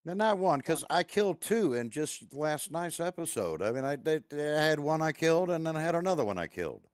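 A man's voice: on the high side, sing-song, fairly quick, clean tone, no echo, clean studio sound. A man co-hosting a game livestream, teasing his friend in casual banter. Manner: teasing, playful. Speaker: co-host gamer.

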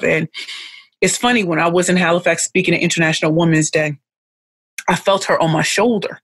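A middle-aged woman, a podcast guest, telling a deeply personal story with emphatic repetition, emotional and close to tears. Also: a little fast, breathy edge, no echo. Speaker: podcast guest, pitch coach.

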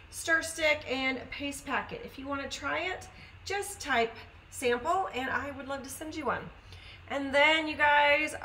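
A woman's voice: high-pitched, pushed and bright, far from the mic, slight background noise, rough recording. A woman hosting a casual live-stream craft sale from home, chatty and upbeat, greeting viewers by name. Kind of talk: casual live sales chat.

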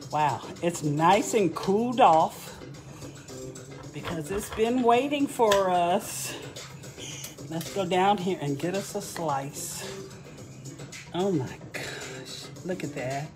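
A woman's voice: on the low side, echoey room. A woman hosting a casual live cooking demonstration. She is chatty and exclamatory, and she keeps coaxing her viewers along. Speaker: home cook hosting a cooking stream.

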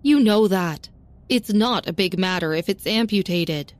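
A woman's voice: mid-range voice, measured pace, no echo, lightly acted. A woman playing a proud, brave patient. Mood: reassuring. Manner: reassuring, forced cheer.

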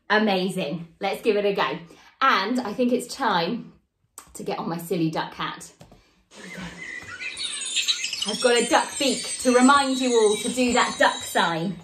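A woman leading a children's sign language lesson, in an animated, sing-song, encouraging way. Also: on the high side, roomy sound, slight background noise. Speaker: baby sign language teacher.

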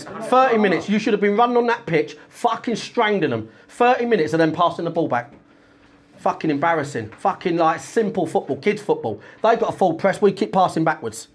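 A man gives a blunt half-time team talk, swearing freely and pressing his players with urgency. He talks as a football manager in a dressing room. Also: on the high side.

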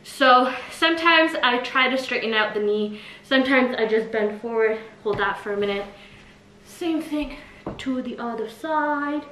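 A woman's voice: a little high, unhurried, bright, forceful tone. A woman vlogger talking casually while demonstrating a routine, chatty and full of filler words, slightly out of breath. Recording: echoey room, faint noise.

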